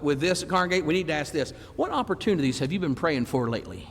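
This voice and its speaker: Animated preacher in a reverberant church. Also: male voice, high-pitched, fast talker, slight background noise. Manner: animated, swings between loud emphasis and quiet asides; acts out congregants' voices mid-sermon. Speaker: preacher teaching a Bible class. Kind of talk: sermon. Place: church sanctuary.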